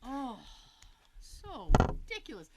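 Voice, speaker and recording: Lively, laughing woman podcast co-host. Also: high voice, takes it slowly, very noisy. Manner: animated, laughs often, tells stories. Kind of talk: casual chat.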